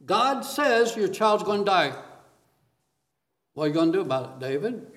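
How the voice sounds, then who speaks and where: Animated, high-pitched male preacher. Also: moderate pace. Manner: animated, questioning, reads scripture aloud. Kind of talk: sermon with scripture reading.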